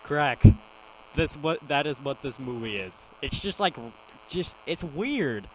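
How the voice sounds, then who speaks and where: A man's voice: on the high side, sing-song, slow pace, fairly bright tone, slight background noise, poor audio. A young man co-hosting a casual podcast chat, goofy and jokey, slipping into silly voices. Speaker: podcast co-host.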